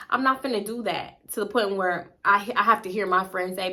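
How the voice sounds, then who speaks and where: Brief: young woman vlogger, bright and forceful tone, blunt, profane storytime delivery. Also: a little high, quick pace, hardly any pauses. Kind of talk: casual storytime.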